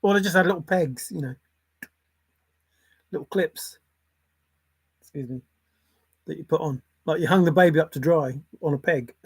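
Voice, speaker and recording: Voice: medium pitch, normal speed, long pauses, slightly rough, no room sound. An older grandparent hosting a casual livestream, rambling irreverently and swearing offhand as they react to chat. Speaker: livestream host reading chat.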